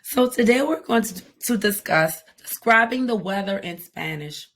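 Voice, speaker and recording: A woman teaching a language lesson, repeating each word slowly and carefully for pronunciation. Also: mid-range voice, animated, fairly bright tone. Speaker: Spanish teacher. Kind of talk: slow, deliberate language lesson.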